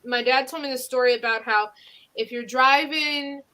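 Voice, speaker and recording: A woman with a Northeastern Pennsylvania accent tells local ghost stories on a podcast. Her high, bright voice runs on through loose, rambling sentences full of fillers and restarts. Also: steady tone, moderate pace. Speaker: podcast host. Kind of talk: casual ghost-story chat.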